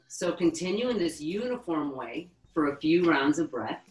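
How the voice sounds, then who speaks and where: A woman yoga therapist teaching a webinar lesson, calmly guiding breathing exercises and counting breaths. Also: deep voice, reverberant, soft background music, rough recording. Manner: calm, instructive, counts breaths slowly.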